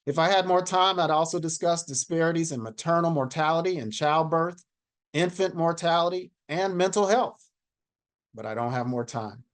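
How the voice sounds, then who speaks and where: A man in his sixties giving a measured slide presentation on a video call. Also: fairly high pitch. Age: 60s. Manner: measured, reads statistics from slides. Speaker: panel speaker.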